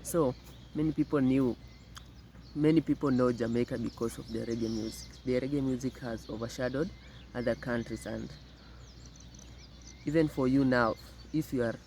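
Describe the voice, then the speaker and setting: Reaction host, male, dark mellow tone, unhurried and repetitive, recorded outdoors with faint birds and insects. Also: mid-range voice, fairly even intonation, a little hiss or hum, rough recording. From Kenya. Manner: unhurried, repeats words often. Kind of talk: casual commentary.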